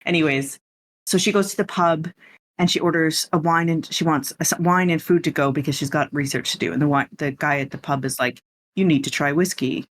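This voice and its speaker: A man's voice: a little high, fairly quick, a bit bright. Chatty man rambling through a movie recap. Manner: chatty, rambling, full of "like" asides. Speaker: podcast host.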